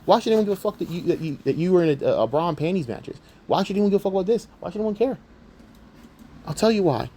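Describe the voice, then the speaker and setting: A man's voice: high-pitched, lively intonation, fast, warm tone. Man in a profane, heated rant. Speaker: commentary channel host. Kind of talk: angry rant to camera.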